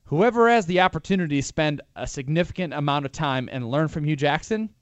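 Breaking down a football team, this male co-host of a sports talk show rambles, offers strong opinions, and keeps starting over. He speaks briskly in a fairly high voice, recorded dry.

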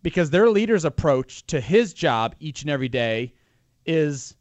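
A man's voice: a little high, big pitch swings, moderate pace, dry recording. A man co-hosting a sports talk show, analyzing a football team in a rambling, opinionated way with frequent restarts. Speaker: sports radio co-host.

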